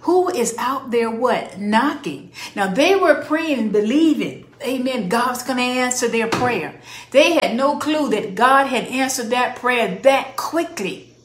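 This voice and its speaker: Woman preacher, high voice, call-and-response delivery, roomy echo. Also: expressive, measured pace. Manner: call-and-response questions, emphatic declarations. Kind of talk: sermon.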